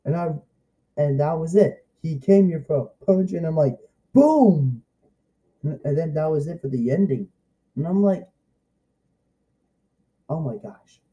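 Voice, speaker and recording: A young man vlogging a casual, excitable review, rambling and repeating himself. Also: on the high side, normal speed, pauses often, muffled recording.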